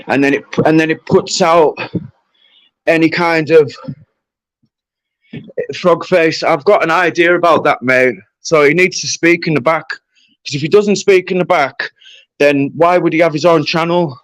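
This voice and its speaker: A man's voice: a little high, fairly even intonation, a little slow, long pauses, no room sound, rough recording. A British man ranting on a livestream, confrontational and swearing heavily. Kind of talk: angry livestream rant.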